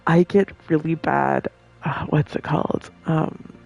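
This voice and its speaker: Femme bavarde au grain éraillé. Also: female voice, sits low, steady tone, measured pace, gravelly, a little mellow, muffled recording, soft background music. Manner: rambling, laughs often, swears casually. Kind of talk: casual chat.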